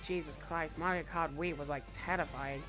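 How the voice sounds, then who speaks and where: A man's voice: fairly high pitch, fairly even intonation, normal speed, over music, natural voice. A man voicing a cocky, greedy young male villain, chatting boastfully through in-character gameplay commentary. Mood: playful. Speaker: fan voice actor playing a character.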